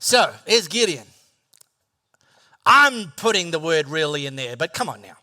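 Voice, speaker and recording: A man preaching a sermon, telling personal stories in an animated, playful way and acting out his own reactions. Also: on the high side, unhurried. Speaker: pastor.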